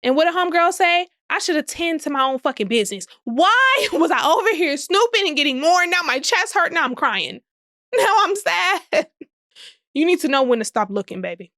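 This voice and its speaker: Talking a little fast with hardly any pauses, a young podcast host delivers a casual solo monologue in a high-pitched, expressive voice that sounds pushed and bright. She is sassy and profane and laughs often, recorded close and dry with almost no room echo.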